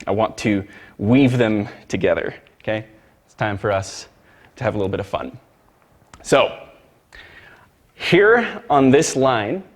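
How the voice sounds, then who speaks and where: Emphatic man teaching Sunday school. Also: mid-range voice. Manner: emphatic, repeats words and restarts, addresses the class directly. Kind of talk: church Sunday school lecture. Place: church classroom.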